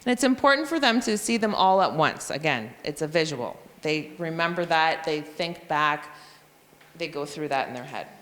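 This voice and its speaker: A woman's voice: deep voice, lively intonation, normal speed, fairly bright tone. A woman who teaches reading, explaining phonics lessons to other teachers and sounding out letters and spellings as she goes. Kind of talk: professional development talk to teachers. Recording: long hall reverb.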